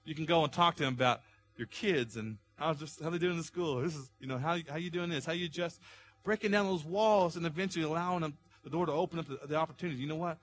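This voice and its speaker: A man preaching a sermon as pastor, building to loud, impassioned pleas and easing back to a calmer teaching tone. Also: on the high side, fast talker.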